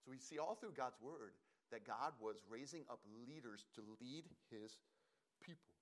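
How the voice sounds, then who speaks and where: A man preaching as pastor, earnest and emphatic, pausing and repeating phrases for stress. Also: mid-range voice, animated, fairly bright tone. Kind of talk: sermon.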